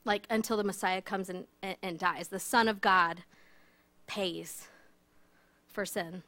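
A woman telling a Bible story in a casual, animated way, full of fillers and asides, as a teacher. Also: medium pitch, a little slow. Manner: chatty, animated, many fillers.

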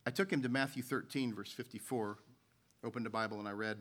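Casting: bright, clear-toned male pastor, earnest storytelling sermon delivery. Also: lowish voice, fairly even intonation, fast. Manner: earnest, storytelling preacher who reads scripture aloud.

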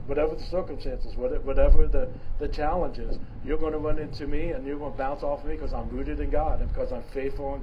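Man preaching a lively, emphatic sermon. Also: medium pitch. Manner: emphatic preaching with big swings in loudness; conversational with fillers and restarts. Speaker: pastor. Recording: dull lo-fi sound with clear background noise.

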